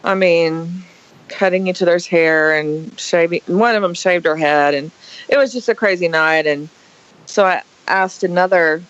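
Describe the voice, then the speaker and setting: A woman guest on a podcast, telling a story casually with dramatic, animated flair and acted-out quotes. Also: fairly low pitch, unhurried. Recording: dull lo-fi podcast audio.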